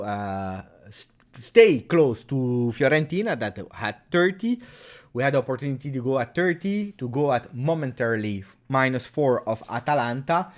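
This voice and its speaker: A young man hosting a live post-match football reaction, ranting angrily and hammering the same phrases again and again. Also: medium pitch. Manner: angry, emphatic, repeats phrases over and over. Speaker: football fan channel host.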